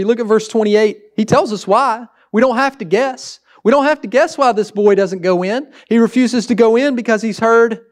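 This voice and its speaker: A man preaching a sermon, talking straight to his listeners in an earnest, animated way. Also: sits high. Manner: earnest, direct, animated with sudden swings. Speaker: pastor.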